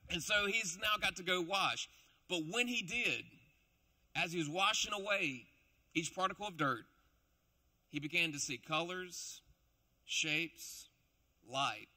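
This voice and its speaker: A man's voice: sits high, animated, normal speed, long pauses, pushed and bright. A man preaching a youth sermon in a playful storytelling way, acting out the characters' lines in the story he tells. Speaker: youth pastor.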